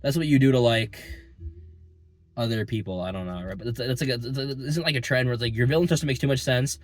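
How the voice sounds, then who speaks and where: A young man recapping a movie in a rambling, excitable way, full of fillers and casual swearing, recorded in a parking lot. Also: medium pitch, quick pace. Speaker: movie reviewer.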